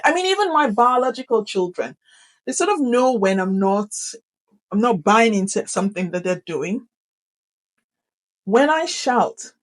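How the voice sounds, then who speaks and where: Animated, emphatic woman teacher. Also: on the high side, unhurried, long pauses, poor audio. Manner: animated, emphatic, repeats key phrases for effect. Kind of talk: instructional talk to camera.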